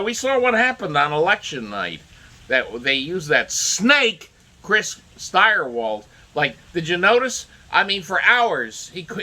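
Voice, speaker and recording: Bright-voiced rambling commentator man. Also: on the high side. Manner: rambling, indignant, many fillers and restarts. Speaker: political commentator. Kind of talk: opinionated solo commentary.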